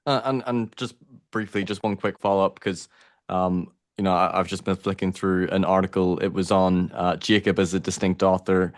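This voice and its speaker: A man's voice: low-pitched, steady tone, normal speed. A man hosting a casual interview podcast, asking long, hesitant questions with many fillers. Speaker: podcast host.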